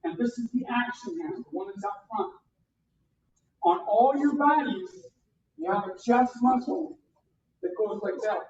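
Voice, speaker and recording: A karate instructor teaching a beginner class, counting out drills and calling punch commands in loud bursts. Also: mid-range voice, expressive, a little slow, long pauses. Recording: distant, roomy, dull sound with faint noise.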